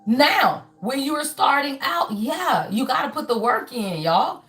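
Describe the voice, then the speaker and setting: A woman's voice: high-pitched, big pitch swings, a little slow, fairly bright tone, faint music behind. A woman in her fifties giving a spiritual reading to her viewers, preachy and emphatic, swearing freely and repeating her points. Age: 50s. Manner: emphatic and preachy, profane, repeats phrases for the audience. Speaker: spiritual reader and life coach.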